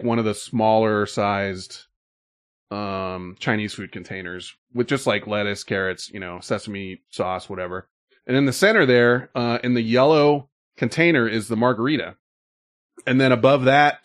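A man's voice: lowish voice, no room sound, studio quality. A man hosting a casual chat, telling rambling stories with many fillers.

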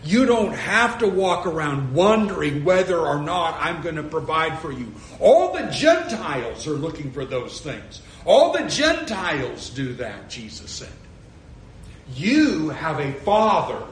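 An older man preaching a sermon as pastor, animated and storytelling, acting out his own reactions. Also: a little high, unhurried, a little hiss or hum. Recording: echoey hall with faint ambience.

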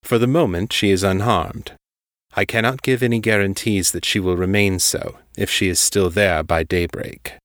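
A man voicing a cultured male crime boss on the phone, calm and carefully controlled. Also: deep voice, normal speed, no echo, studio quality. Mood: coolly controlled.

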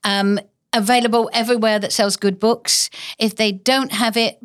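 A woman's voice: on the high side, fairly even intonation, moderate pace, a bit bright. A middle-aged woman from Essex with an English accent, guest on an interview show, chatty and self-deprecating, laughing easily. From Essex, England. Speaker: guest author and illustrator. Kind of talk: casual interview chat.

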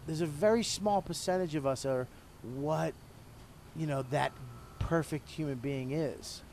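A man's voice: on the high side, a little slow, darkish tone, a little hiss or hum. A middle-aged man, a comedian being interviewed, talking candidly and profanely about himself while smoking a cigar. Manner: candid, profane, self-deprecating. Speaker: comedian guest. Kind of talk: casual interview talk.

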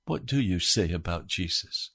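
A middle-aged man preaching as a pastor, firing urgent questions at his listeners and swinging from hushed lines to loud ones. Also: deep voice, animated, moderate pace, creaky, breathy edge. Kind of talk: sermon.

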